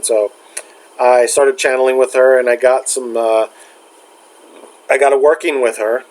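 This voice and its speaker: A young man talks casually, circling back and restarting often. His voice sits at an ordinary middle pitch, and his story comes out halting and searching, thick with fillers. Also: steady tone, rough recording. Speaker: spiritual vlogger.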